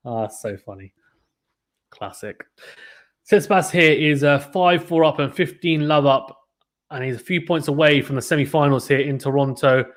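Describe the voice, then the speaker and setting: A man's voice: on the high side, moderate pace. A man commentating a live tennis watchalong stream, chatting casually and reading out viewer comments between points.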